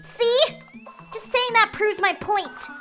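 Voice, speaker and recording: A woman voicing a bratty, mocking little teenage girl, snappy and taunting in a very high, bright voice. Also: slow pace, faint music behind, full character voice.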